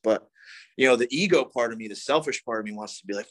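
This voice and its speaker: A man's voice: medium pitch, fast talker. A man in his thirties telling a rambling, profane story at a recovery meeting. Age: 30s. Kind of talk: casual storytelling talk.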